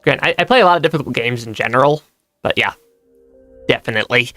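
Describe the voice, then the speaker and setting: A game streamer giving relaxed let's-play commentary, chatty, laughing often and restarting sentences as they go. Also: mid-range voice, fast talker, no echo, soft background music. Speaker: gaming streamer.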